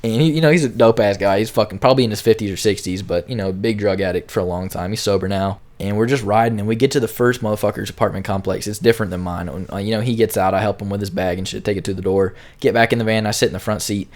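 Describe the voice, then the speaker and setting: Young guy rattling off a story real quick, kinda low voice, swears a lot, super casual. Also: darkish tone. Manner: rambling, profane, slangy. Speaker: storyteller vlogger.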